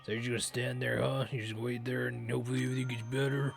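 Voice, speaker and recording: A man voicing a blunt young male biker gang leader in a video game, rough-spoken and gruff. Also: mid-range voice, fairly even intonation, fast talker, soft background music. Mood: tough, scolding.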